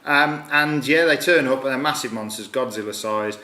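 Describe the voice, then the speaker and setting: The recording comes from an echoey room with faint noise, where a man with a pushed, bright, medium-pitched voice talks at normal speed. He chats animatedly about films as a reviewer, throwing in casual swearing and silly voices.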